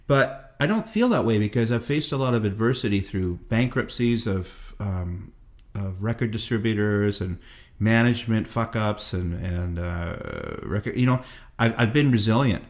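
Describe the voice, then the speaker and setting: A man's voice: fairly low pitch, lively intonation, moderate pace. Rambling man in his fifties. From Canada. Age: 50s. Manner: profane, rambling storyteller. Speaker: guest musician. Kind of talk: casual interview chat.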